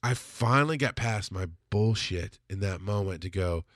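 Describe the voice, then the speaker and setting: A man, a father and podcast host, telling a confessional personal story with plenty of swearing, swinging from loud outbursts to quiet, subdued lows. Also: normal speed, no echo, clean studio sound.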